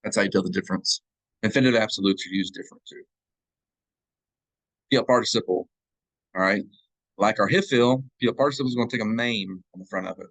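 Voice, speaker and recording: A man's voice: fairly low pitch, fast talker, pauses often, a bit bright, husky, no echo, rough recording. A man teaching a church Hebrew class, drilling verb forms aloud and checking in with his students as he goes. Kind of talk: classroom grammar lecture. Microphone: live class recording.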